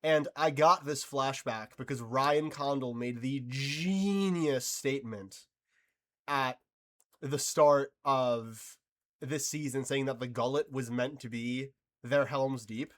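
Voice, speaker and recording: A man's voice: medium pitch, slow. A man giving casual reaction commentary on a TV episode, exasperated and swearing, often trying to compose himself after fits of laughter.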